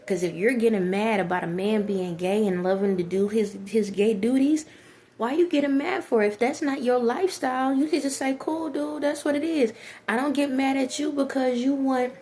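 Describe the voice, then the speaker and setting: A woman vlogger talks straight to her viewers in a loose, rhetorical monologue. Her voice sits a little high. A faint hum of noise runs underneath. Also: darkish tone. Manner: chatty, rhetorical, laughs at own jokes. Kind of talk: casual monologue to camera.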